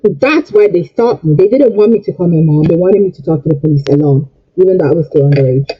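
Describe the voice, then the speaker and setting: A man's voice: on the high side, fast, husky, lo-fi sound. A young man telling a storytime rant in an agitated way, repeating and stumbling over his words. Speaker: vlogger.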